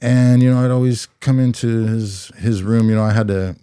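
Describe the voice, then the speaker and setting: A middle-aged man from California looks back on his life as a podcast guest, thoughtful and in no rush, leaning on "you know" as he talks. His voice is deep and mellow. The recording is dry and close. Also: steady tone, clear, resonant tone, no echo. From California, USA. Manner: reflective, unhurried, many "you know" fillers. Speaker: podcast guest, former police officer. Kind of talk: conversational storytelling.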